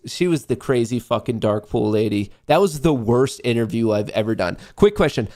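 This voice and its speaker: The voice belongs to a man running a live trading show, rambling and cursing in casual chat as he trades. It is mid-range and nasal, with a darkish tone.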